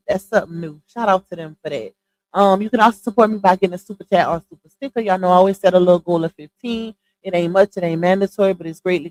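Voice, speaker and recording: A woman's voice: medium pitch, low-quality recording. Chatty woman hosting a livestream. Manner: chatty, slangy, greets viewers one by one; laughs easily, playful. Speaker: livestream host. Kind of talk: casual livestream chat.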